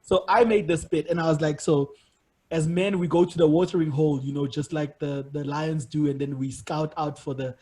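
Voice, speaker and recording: A male podcast host with a high, husky voice. He talks in casual bursts and often stops and restarts his sentences as he tells a story. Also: fairly even intonation, normal speed, a little mellow. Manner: storytelling with many restarts and repeated words. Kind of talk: casual interview chat.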